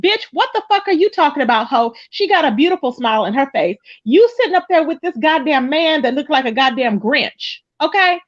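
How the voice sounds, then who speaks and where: A woman hosting a livestream in brash, profane gossip chat, her voice jumping up high when outraged. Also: lively intonation, a little fast, hardly any pauses, highs cut off. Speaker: livestream host.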